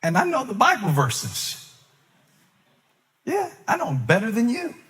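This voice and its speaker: A man preaching a sermon as a pastor, swinging between loud, sing-song peaks and hushed, low asides, with touches of humor. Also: wildly swooping pitch, measured pace, big-room sound.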